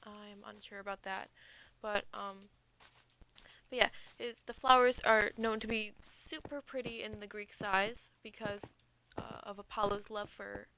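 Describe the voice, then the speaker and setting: A woman's voice: medium pitch, steady tone, unhurried, creaky, pushed and bright, a little hiss or hum, low-quality recording. A young adult woman streamer telling a myth in a rambling, slangy way, full of "like" and "um". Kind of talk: casual storytelling on a stream.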